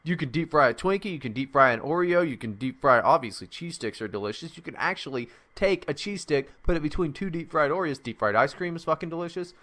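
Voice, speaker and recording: A man's voice: a little high, expressive, fast, few pauses, a bit bright. A man co-hosting a podcast, rambling and profane, riffing in casual comedic bits. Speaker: podcast co-host.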